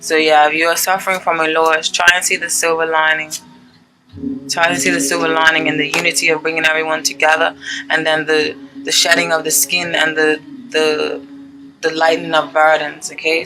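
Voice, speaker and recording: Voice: medium pitch, level tone, a little fast, pushed and bright, faint music behind, rough recording. A tarot reader in a casual, rambling style who keeps checking in with viewers by asking "okay?" and reads card meanings aloud between asides. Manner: chatty, rambling, many "okay?" check-ins.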